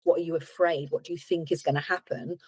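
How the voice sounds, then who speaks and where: Low-voiced woman podcast host. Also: fairly even intonation, quick pace, darkish tone, slightly rough, dry recording, rough recording. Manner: reflective, asks probing questions. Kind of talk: casual podcast conversation.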